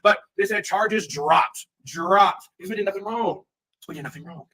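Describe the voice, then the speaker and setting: A man's voice: sits high, rapid-fire, sharp tone, husky, low-quality recording. A man streaming live, ranting heatedly in profane language and often repeating himself.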